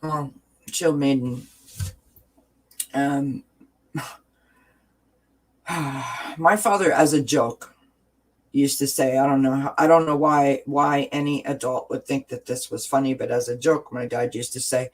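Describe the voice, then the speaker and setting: A woman's voice: extremely low pitch, fairly even intonation, measured pace, long pauses. A woman hosting a casual livestream, reading viewer comments and talking through self-help ideas with frequent restarts and tag questions.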